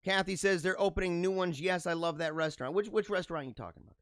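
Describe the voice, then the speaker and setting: A man's voice: high voice, fast, no echo, clean studio sound. A man in his thirties hosting a podcast, giving casual political commentary in a sarcastic, mocking way and laughing at his own jokes. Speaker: podcast host.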